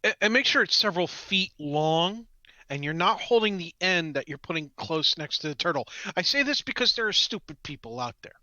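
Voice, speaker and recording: A man's voice: on the high side, expressive, brisk, bright, forceful tone, no echo, highs cut off. A man co-hosting a casual podcast, earnestly warning listeners not to do something dangerous. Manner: earnest, cautionary. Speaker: podcast co-host. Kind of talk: casual chat.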